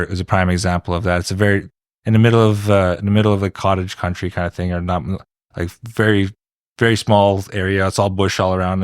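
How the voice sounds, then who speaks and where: A man's voice: deep voice, no room sound, clean studio sound. A man from Quebec, a guest musician in an interview, talking in a rambling way with many restarts. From Quebec, Canada. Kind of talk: casual interview chat.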